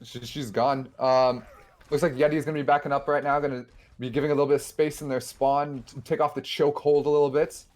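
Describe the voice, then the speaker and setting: A man casting a live esports match with quick, excitable play-by-play and frequent restarts. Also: medium pitch. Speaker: esports caster.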